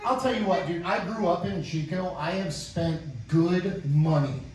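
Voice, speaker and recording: A man working a stand-up set, rambling through a crude story and turning to the crowd now and then. His voice sits fairly high. The sound is caught from far back in an echoey club room with some low noise. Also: normal speed. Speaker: stand-up comedian. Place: comedy club.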